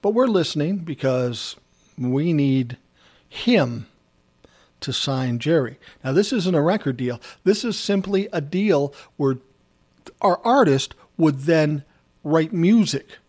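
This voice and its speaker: A man's voice: on the high side, lively intonation, slow pace, darkish tone. A man who once managed a music artist, telling a personal story in a casual, blunt, conversational way. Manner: conversational, blunt, swears freely.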